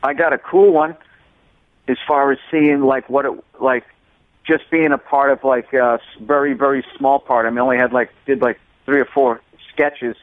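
A man's voice: mid-range voice, moderate pace, no room sound. A comedian telling stories in a casual interview, acting out voices as he goes. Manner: animated storyteller, acts out voices. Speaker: comedian guest. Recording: tinny phone-line sound, dry.

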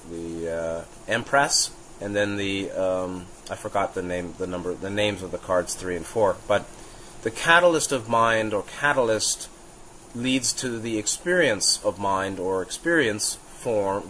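A man's voice: fairly low pitch, pushed and bright, slight background noise, poor audio. A man giving an unscripted spiritual talk, thinking aloud with fillers and restarts and chuckling now and then. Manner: musing, halting, with frequent fillers and restarts. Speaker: teacher. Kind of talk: spontaneous spiritual teaching.

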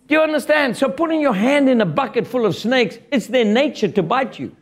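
A male preacher delivering a sermon in a high-pitched voice. He is blunt and joking, and he quotes scripture with lots of animation. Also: expressive, moderate pace, few pauses.

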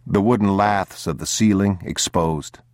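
Very deep, slow male narrator. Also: darkish tone, no echo, clean studio sound. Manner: measured and somber. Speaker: audiobook narrator. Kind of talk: scripted literary narration.

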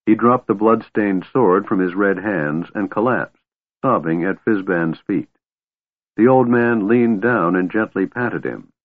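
A man reading fantasy fiction aloud in an expressive, measured storytelling manner. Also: lowish voice. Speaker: audiobook narrator. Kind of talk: scripted fantasy narration. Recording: dry thin phone-like audio.

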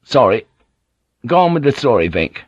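A man's voice: mid-range voice, big pitch swings, normal speed, dry recording, muffled recording. A man voicing a guarded ship's pilot who speaks hesitantly. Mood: uneasy. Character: uneasy English ship's pilot, male, adult.

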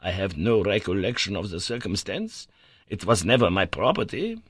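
A man's voice: lowish voice, very animated, normal speed, fairly bright tone, breathy edge, no room sound, clean studio sound, exaggerated voice. A man voicing a stern, learned older professor who lectures in a cold, decided tone.

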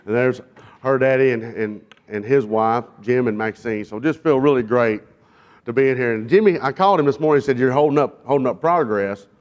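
A man gives a folksy testimony from a church pulpit, mixing jokes about himself with scripture. His voice sits at a medium pitch and has an easygoing, unpolished flow full of "uh"s. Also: a little fast. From South Arkansas, US. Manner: folksy, self-deprecating, with frequent fillers. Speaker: guest speaker, jail minister. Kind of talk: sermon testimony with humorous storytelling.

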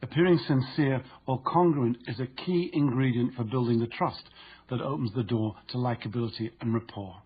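A man narrating an instructive audiobook in a steady, explanatory way. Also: medium pitch, moderate pace, dull audio, a little hiss or hum.

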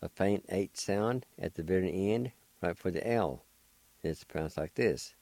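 Slow, patient older man teaching pronunciation. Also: deep voice, gravelly, a little mellow, no echo. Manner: patient, spells letters and repeats syllables slowly. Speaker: language teacher and radio host. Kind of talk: slow word-by-word pronunciation lesson.

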